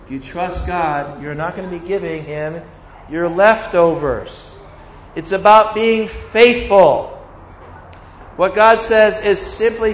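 A man with a high voice and an unhurried delivery preaches a sermon, slipping into animated voices for God and for grumbling believers. His voice rings in a roomy space, and the sound is a little dull.

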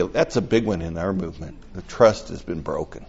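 An older man preaching a conversational sermon, telling stories in an animated and emotional way. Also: sits low, fairly quick, vocal fry, hardly any pauses, husky, muffled recording.

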